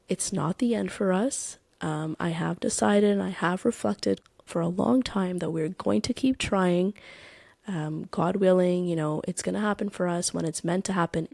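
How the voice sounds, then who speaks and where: A woman's voice: fairly low pitch, creaky, dark tone, no echo, clean studio sound. A young adult woman hosting a podcast, talking candidly and emphatically about her own life, swearing for emphasis. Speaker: podcast host. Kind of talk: personal podcast monologue.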